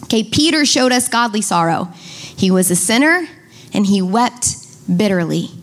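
Standing before a church congregation, a female pastor delivers a sermon, drawing out important words and addressing her listeners directly, even having them repeat phrases back. She speaks in an animated mid-range voice at a moderate pace.

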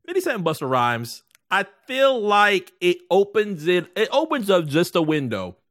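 A man co-hosting a podcast in casual chat, animated and joking, laughing often. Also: high voice, moderate pace, dry recording, clean studio sound, soft background music. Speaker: podcast co-host.

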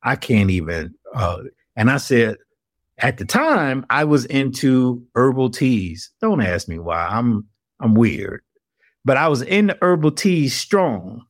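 Man, guest storyteller, animated, voices quoted people, dry close sound. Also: mid-range voice, takes it slowly, no echo. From Atlanta, US South. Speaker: investigative reporter, guest. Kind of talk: storytelling in a podcast interview.

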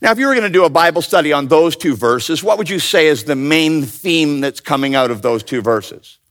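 A man teaching a Bible study in a lively, joking way, often calling on his listeners to answer. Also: a little high, a little fast. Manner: animated, playful, calls out to the audience. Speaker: pastor.

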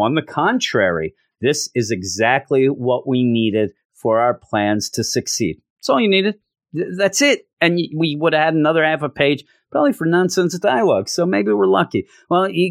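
A man's voice: fairly high pitch, big pitch swings, normal speed, no echo, clean studio sound. A man casually recapping a comic issue with sarcastic, rambling commentary and frequent stammered restarts. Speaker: comic book podcast host.

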